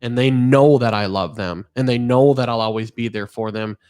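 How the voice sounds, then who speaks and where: A man's voice: mid-range voice, moderate pace, darkish tone, clean tone. A middle-aged man hosting a podcast, talking in an earnest, rambling way and telling stories with animation. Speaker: podcast host. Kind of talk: casual podcast chat.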